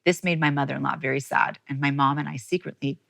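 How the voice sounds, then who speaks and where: A woman's voice: a bass voice, fairly even intonation, fast, gravelly, fairly bright tone, dry recording, poor audio. A woman podcast host telling a heartfelt personal story in a storytelling monologue, emotional at moments.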